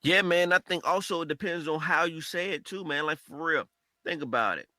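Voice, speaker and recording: A man co-hosting a casual podcast chat, talking in an animated way and acting out quoted conversations. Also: fairly high pitch, fairly quick, no echo. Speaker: podcast co-host.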